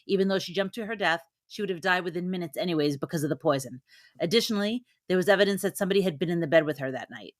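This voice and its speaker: A woman co-hosting a movie review podcast, giving a steady plot recap and then commenting casually. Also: lowish voice, very fast, dry recording, studio quality. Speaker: podcast co-host.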